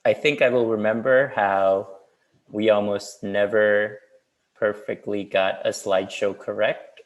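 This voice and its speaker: A man, a festival organizer, chatting casually on a video call with a relaxed, rambling manner and frequent laughs. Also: on the low side, vocal fry.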